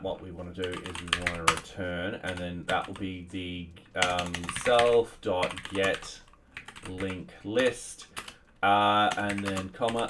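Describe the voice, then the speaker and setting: A man giving casual think-aloud commentary as he codes at home, pausing and restarting mid-sentence and now and then chatting to his cat. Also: fairly low pitch, noisy background. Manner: chats to his cat between tasks. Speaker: software developer streaming his coding. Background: faint music and keyboard typing.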